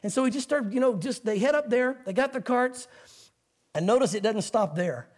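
A middle-aged man preaching a sermon as a pastor, talking in a relaxed, folksy way. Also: very high-pitched, moderate pace. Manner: conversational, folksy preaching with quoted voices.

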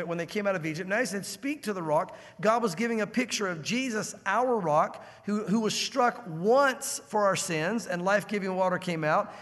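High-voiced man preaching in a reverberant church. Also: fairly bright tone. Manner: conversational, acts out biblical characters' lines. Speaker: pastor. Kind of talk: expository sermon. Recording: long hall reverb.

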